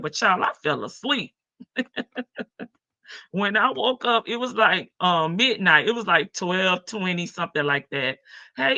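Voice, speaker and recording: A woman hosts a casual live stream from her front porch, greeting her chat viewers by name. Her morning voice is heavy and gravelly, and she talks at an unhurried pace with a bright edge. The sound is dry and a little muffled. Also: mid-range voice, dry recording.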